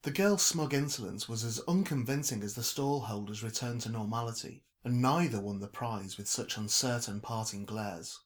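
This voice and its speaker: A man narrating a novel in an even, measured storytelling voice. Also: mid-range voice. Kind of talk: audiobook narration.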